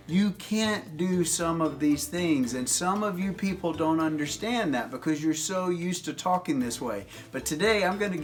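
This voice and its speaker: A man in his fifties giving advice to young people in a teasing, jokey lecture. His voice sits slightly high for a man. He talks casually and directly. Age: 50s. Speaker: advice video host.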